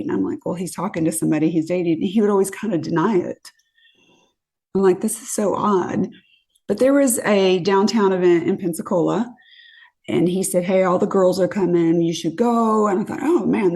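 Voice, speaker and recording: A guest storyteller from California, a woman with a fairly low voice, tells a story on a podcast. She's casual and animated, acting out what people said and swearing as she relives the moment.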